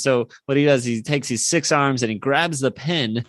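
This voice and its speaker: A man's voice: medium pitch, moderate pace, hardly any pauses, a bit bright, no room sound. A man co-hosting a podcast, recapping a cartoon episode in a rambling, casual way. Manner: rambling recap, with frequent fillers and laughs. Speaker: podcast co-host.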